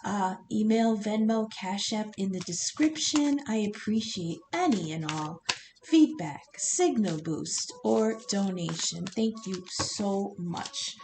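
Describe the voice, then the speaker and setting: A woman's voice: medium pitch, takes it slowly, background noise. A woman giving a casual tarot reading on her own channel, talking in a rambling, conversational way and swearing now and then. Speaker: tarot reader.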